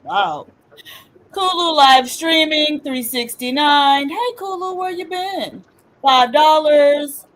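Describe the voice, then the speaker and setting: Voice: high-pitched, slow pace, fairly bright tone, low-quality recording. A co-host on a casual live stream, teasing in a sassy way. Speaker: show co-host.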